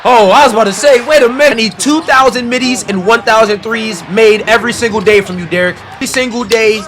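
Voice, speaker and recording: Young male streamer, high-pitched and excitable, reacts loudly to a basketball game with slangy trash talk. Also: quick pace. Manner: animated, loud outbursts, slangy trash talk.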